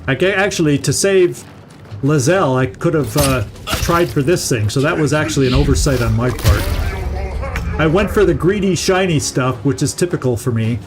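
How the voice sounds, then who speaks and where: Middle-aged male let's-play host, slightly high voice, chatty and unhurried, thinks out loud and restarts his words; faint music underneath. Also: animated. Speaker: gaming channel host. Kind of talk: casual let's-play commentary.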